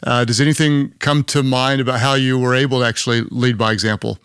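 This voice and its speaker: A man's voice: mid-range voice, level tone, quick pace, a bit bright, clean tone, no echo. Man, Southern US accent, interview host, enthusiastic, resonant, dry. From Oklahoma. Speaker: podcast host.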